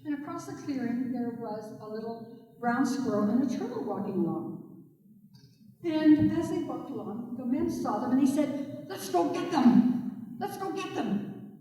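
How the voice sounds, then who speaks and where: A woman storyteller telling tales to schoolchildren, animated and speaking directly to the kids. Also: high voice. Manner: animated, addresses the children directly. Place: school hall or stage. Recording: echoey hall from far off.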